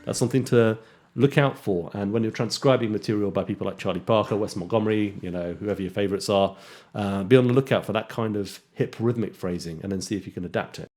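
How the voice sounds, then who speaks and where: A man teaching jazz guitar in a relaxed way, counting beats aloud and scatting rhythms. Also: lowish voice, fast talker. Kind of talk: casual instructional talk with counting and scatting. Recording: guitar playing underneath speech. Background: loud guitar music.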